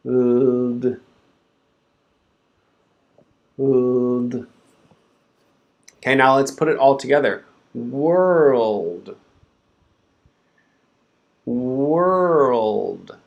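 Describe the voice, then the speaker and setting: In a live stream, a man with a mid-range voice teaches English pronunciation. He patiently breaks words into their sounds and repeats them so learners can copy.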